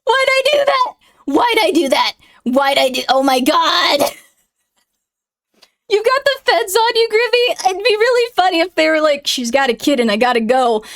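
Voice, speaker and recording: Very high-voiced giggly woman streamer. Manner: giggly, rambling, laughing through tears; embarrassed. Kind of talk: casual chat.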